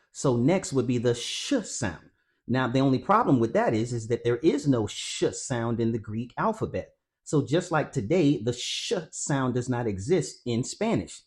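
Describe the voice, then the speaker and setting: A man speaks at an everyday middle pitch in a steady, explanatory teaching voice. He talks his viewers through a Bible lesson step by step and calls them family. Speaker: Christian teacher. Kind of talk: scripted teaching narration.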